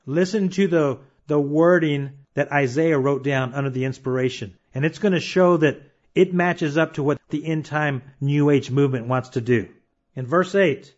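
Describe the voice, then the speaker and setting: Emphatic preacher, dull lo-fi sound. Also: male voice, fairly high pitch. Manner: emphatic, slows down to read scripture, rhetorical questions. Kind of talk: sermon.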